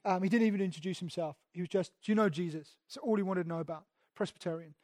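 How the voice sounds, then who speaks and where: A man's voice: high voice, racing, a little mellow, no room sound, clean studio sound. A man, a pastor, preaching a sermon conversationally and emphatically, often repeating words as he goes.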